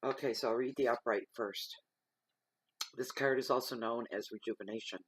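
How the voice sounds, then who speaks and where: A man giving a slow, reflective spoken tarot reading, reading card keywords aloud. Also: medium pitch, fairly even intonation, slight background noise. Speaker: tarot reader.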